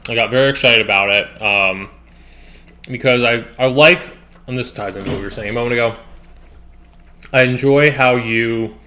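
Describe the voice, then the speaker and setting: Bright-voiced man hosting a podcast. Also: mid-range voice. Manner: meandering, loose, thinking aloud. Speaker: podcast host. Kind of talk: casual podcast interview.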